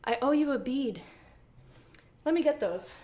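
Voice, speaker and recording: Bubbly high-voiced woman streaming games. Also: animated, measured pace, mellow. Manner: playful and bubbly, slips into singsong. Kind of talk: casual live-stream chat.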